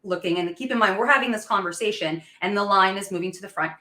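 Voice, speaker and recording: A woman in her thirties hosting a podcast, chatting in an excited, gushing way with frequent laughs. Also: mid-range voice, fast talker, roomy sound. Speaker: podcast host. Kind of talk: casual interview chat.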